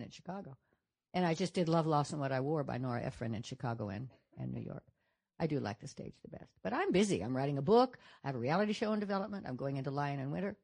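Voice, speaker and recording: An older woman from Nevada, a guest answering audience questions on a stage, telling stories in a chatty, animated way. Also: deep voice. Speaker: panel guest actress. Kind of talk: audience Q&A chat.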